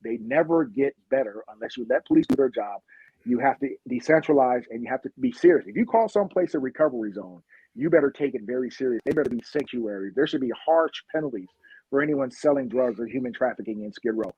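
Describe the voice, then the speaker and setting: A man's voice: mid-range voice, lively intonation, fairly quick, dark tone, husky, no room sound, muffled recording. A man from Long Beach, a police officer guest on a podcast, telling street stories in a blunt, impassioned way. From Long Beach, California. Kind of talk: podcast interview storytelling.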